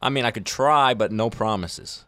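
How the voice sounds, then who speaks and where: A man's voice: on the low side, moderate pace, bright, forceful tone, dry recording. A man in the radio studio trading dry jokes with the host.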